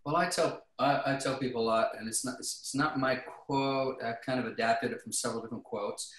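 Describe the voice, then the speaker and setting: A man, a vocal coach guest on a podcast, telling casual stories in an animated way with frequent restarts. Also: medium pitch, a little fast, reverberant, poor audio.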